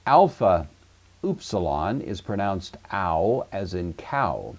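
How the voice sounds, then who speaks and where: A man giving a recorded language-course lecture, explaining step by step in a measured way with frequent "uh" fillers. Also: sits low, lively intonation, a little mellow. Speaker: Greek teacher.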